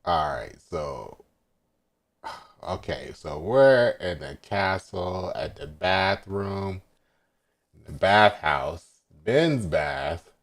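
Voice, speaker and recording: A man's voice: sits low, lively intonation, very slow, long pauses. A man hosting a casual live manga reaction, recapping scenes and quoting characters with laughs.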